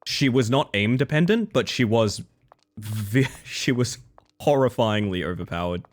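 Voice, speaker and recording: A man's voice: mid-range voice, expressive, unhurried. Australian man chatting on a livestream. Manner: rambling, self-interrupting, casual swearing. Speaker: game streamer. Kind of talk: casual live-stream chat.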